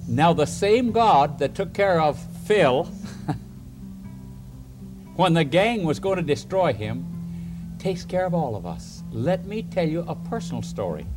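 A man preaching a storytelling sermon, an animated storyteller who chuckles between points and puts questions to his listeners. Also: on the high side.

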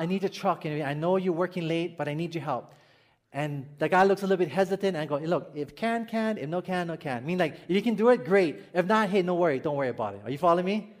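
A man's voice: high-pitched, a little mellow. A man from Hawaii with a Hawaiian accent, a pastor preaching a sermon in a storytelling way, often asking the congregation questions and laughing at his own jokes.

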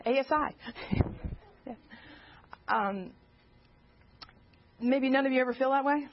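A woman speaks to a church gathering in a high, light voice, earnest and personal. She often turns to the listeners with direct questions. The sound is a little dull and muffled, lacking top end. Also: takes it slowly, a little hiss or hum. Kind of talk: informal teaching talk.

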